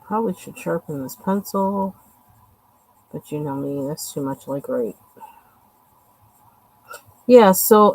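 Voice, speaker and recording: A woman's voice: medium pitch, a little mellow, no room sound, rough recording. A woman chatting casually and rambling with lots of fillers while she colors on a livestream. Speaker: livestream host.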